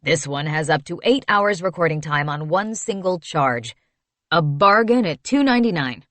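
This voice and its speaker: A woman's voice: low-pitched, lively intonation, moderate pace, fairly bright tone, dry recording, voice pushed down. A woman voicing a cheery, nerdy young male salesman who talks eagerly about gadgets. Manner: eager, knowledgeable sales patter.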